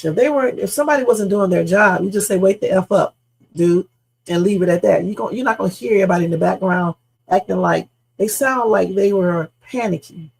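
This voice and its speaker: A woman's voice: mid-range voice, fast, vocal fry, darkish tone, slightly rough, poor audio. A woman hosting a live reaction stream, speculating emphatically with casual slang and repeating her points. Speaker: livestream host.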